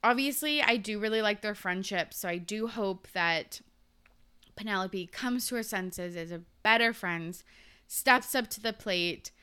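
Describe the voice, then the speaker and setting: A young woman talks straight to her viewers in a loose, gushing vlog chat, full of fillers and casual swearing. Her voice is bright and forceful, with a smooth, resonant clarity. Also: mid-range voice, unhurried. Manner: chatty, gushing, swears freely, many fillers. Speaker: vlogger reviewing a TV season.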